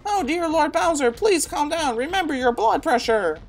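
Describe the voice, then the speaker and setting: A woman's voice: animated, moderate pace. A woman voicing a fussy old female turtle witch who serves her king with simpering politeness. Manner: simpering, overly polite, pitched up.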